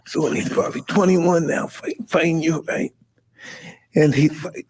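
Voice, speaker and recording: A man in his fifties talking intensely and emotionally, profane and halting, in a casual conversation. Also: fairly high pitch, creaky, noisy background. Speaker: podcast host.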